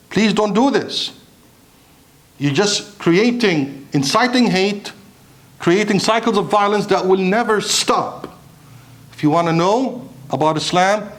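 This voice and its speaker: A man delivering a Friday sermon with a high voice. He preaches with passion, asks his listeners pointed rhetorical questions and slips into Arabic recitation.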